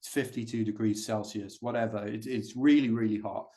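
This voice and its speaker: A man's voice: fairly low pitch, steady tone, brisk, warm tone. A British man, an ultrarunner guest, talking casually in an interview, rambling on with lots of fillers and restarts. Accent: British English. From Britain. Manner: rambling storytelling with many fillers.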